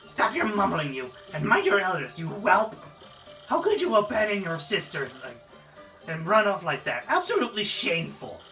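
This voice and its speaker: A gameplay narrator voicing a stern old female village elder who scolds loudly, with game music behind. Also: medium pitch, big pitch swings, normal speed, far from the mic, pitched above the performer's own voice, rough recording. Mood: scolding. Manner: shouting, scolding.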